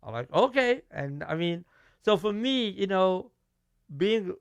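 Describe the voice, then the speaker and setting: Middle-aged man, Brooklyn New York accent, lively storyteller acting out the dialogue; slightly raised pitch, dry room. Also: slow pace, gravelly, clean tone, no echo. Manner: animated, acts out quoted dialogue, restarts. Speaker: guest musician. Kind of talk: casual storytelling interview.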